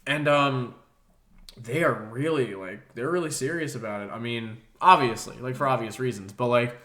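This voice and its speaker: A young man co-hosting a casual podcast. He talks at a middling pitch and wanders through a long anecdote. He curses offhandedly and slips into other people's voices when he quotes them. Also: moderate pace, bright, forceful tone. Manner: rambling storyteller, swears casually. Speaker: podcast co-host.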